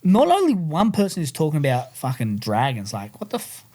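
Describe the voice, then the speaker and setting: A man's voice: on the high side, wildly swooping pitch, fairly quick, dark tone. A man telling a story on a casual podcast, rambling and swearing as he goes. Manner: rambling, swears, many fillers. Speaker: podcast co-host.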